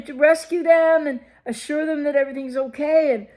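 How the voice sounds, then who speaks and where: A woman's voice: high-pitched, steady tone, brisk, a little mellow. A woman recovery coach talking straight to her viewers, emphatic and full of rhetorical questions. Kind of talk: direct-to-camera advice talk.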